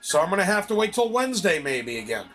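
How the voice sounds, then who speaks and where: A man talks with a friend in a loose, casual way while he plays a video game. His voice sits high and sounds sharp and bright. He tells his story with animated energy and curses freely. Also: fast talker, faint music behind. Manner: animated storytelling, heavy swearing. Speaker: gamer chatting while playing. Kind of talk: casual chat.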